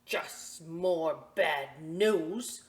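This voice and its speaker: A woman voicing a grumpy older man in a storybook, speaking in a gruff, sour, drawn-out grumble. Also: deep voice.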